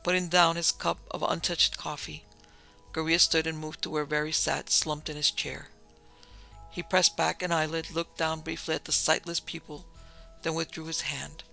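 A man narrating a dark story in a measured, grave manner. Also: on the high side, little pitch movement, creaky, soft background music, poor audio.

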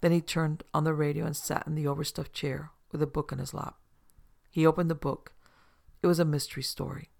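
Creaky-voiced male audiobook narrator. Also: on the high side.

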